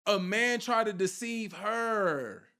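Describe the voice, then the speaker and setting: A man's voice: high voice, animated, takes it slowly, bright, forceful tone. A man preaching an informal sermon with fervour, firing rhetorical questions at his listeners and repeating a question for emphasis.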